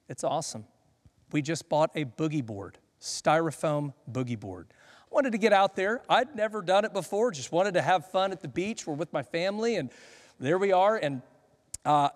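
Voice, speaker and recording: A male pastor preaching a sermon, swinging between loud, pleading questions and hushed, steady reassurance. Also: a little high, long reverb tail.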